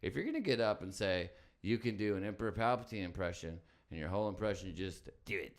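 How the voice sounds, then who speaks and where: Gravelly-voiced man rambling on a podcast. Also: on the low side, expressive, fast. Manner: rambling, loud bursts, laughs a lot. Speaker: comedy podcast host. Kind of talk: casual banter.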